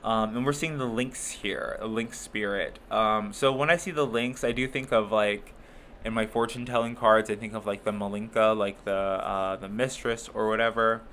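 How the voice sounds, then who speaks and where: A man's voice: on the low side, fairly even intonation, normal speed, fairly bright tone, slight background noise. A man giving a casual tarot reading, chatty and rambling, with many fillers and frequent laughs. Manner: playful put-on voices for zodiac signs. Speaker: tarot reader.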